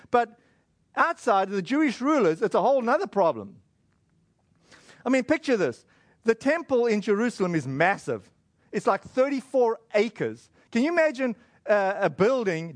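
A man, giving a casual, conversational sermon that retells a scripture story, with fillers and quick acted asides. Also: sits high, no echo. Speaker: preacher.

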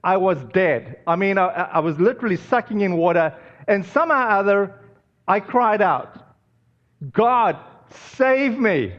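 A man with a fairly high voice preaches in an easy, chatty way, full of ums and asides. The audio is a bit dull and muffled. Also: animated, normal speed, fairly bright tone. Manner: conversational, storytelling with many fillers. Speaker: pastor. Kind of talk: sermon.

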